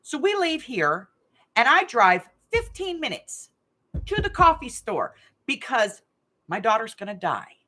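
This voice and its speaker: A woman's voice: on the high side, wildly swooping pitch, measured pace, bright, forceful tone. Chatty, rambling middle-aged woman. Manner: chatty, rambling, laughs often. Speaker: host of a craft channel live game. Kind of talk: casual chat and storytelling. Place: hot room at home.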